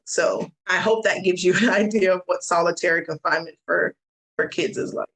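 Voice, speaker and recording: On a rough recording, a US woman whose voice sits on the low side talks at a normal pace. She's an advocate appearing as a podcast guest, sharing her personal story with candor and earnestness during the interview.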